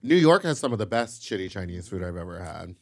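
A man's voice: deep voice, fast talker, vocal fry. A man co-hosting a podcast, chatting playfully while eating takeout food. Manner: animated, playful, talks with food. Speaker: podcast co-host. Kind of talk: casual chat while eating.

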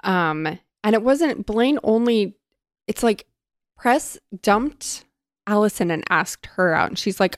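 A woman co-hosting a podcast, animated and swearing freely while discussing a book. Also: medium pitch, slow, creaky, dry recording, studio quality.

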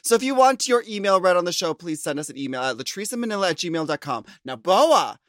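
A man's voice: high voice, very animated, fast, a bit bright, no echo, studio quality. A man co-hosting a podcast, leading segments in a playful, theatrical way. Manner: playful, theatrical, says honey. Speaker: podcast co-host.

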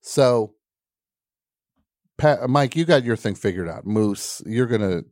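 A man's voice: mid-range voice, lively intonation, slow pace, darkish tone, no echo, studio quality. A man hosting a comedy radio call-in show, riffing and jumping into goofy put-on voices.

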